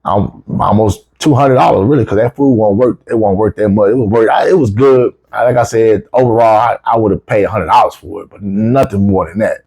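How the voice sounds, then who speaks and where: Animated, profane man telling a story. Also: on the low side, brisk, few pauses, slightly rough. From United States. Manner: animated, profane, rises sharply when quoting himself. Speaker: travel vlogger. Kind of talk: casual storytelling to camera.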